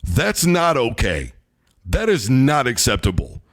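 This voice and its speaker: A man's voice: medium pitch, very animated, unhurried, a bit bright. Fired-up male sports talk host. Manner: heated, emphatic, preachy. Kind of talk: opinionated sports commentary monologue.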